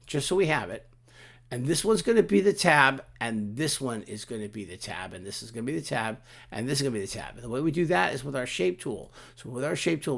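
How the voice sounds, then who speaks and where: Gravelly man walking through software steps. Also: mid-range voice. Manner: relaxed, talks through each click, frequent restarts and asides. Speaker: software tutorial instructor. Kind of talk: screen-recorded software walkthrough.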